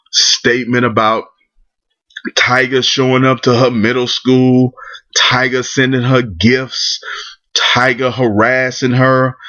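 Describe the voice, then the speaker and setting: A vlogger with a medium-pitched, slightly bright voice rants his way through blunt, profane commentary. He keeps restarting his sentences, and the recording sounds dull and lo-fi.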